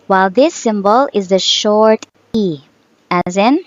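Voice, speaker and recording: A woman gives a slow phonetics lesson on English vowel sounds, saying each example word twice and drawing the sounds out carefully. Her mid-range voice has lively intonation and a measured pace. The sound is dull and dry, with no echo.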